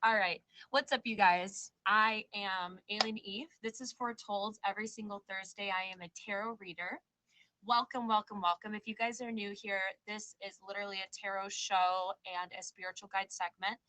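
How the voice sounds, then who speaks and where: Bright-voiced woman hosting a tarot stream. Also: mid-range voice, steady tone, moderate pace, rough recording. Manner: warm, reassuring, calls guests babe and girl. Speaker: tarot reader and show host. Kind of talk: casual live-stream chat and tarot reading.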